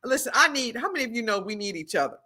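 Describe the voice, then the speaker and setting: This is a middle-aged woman hosting a live stream. Her voice sits high and bright, and it swoops a lot as she moves from teaching to greeting viewers by name. She talks in an animated, preacherly way. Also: very fast. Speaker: livestream host and prophetess.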